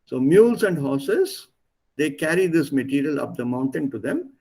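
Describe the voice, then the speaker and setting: A man's voice: a little high, expressive, moderate pace, vocal fry, dark tone, breathy edge. A man teaching a language, reading a text line by line and then translating and explaining it.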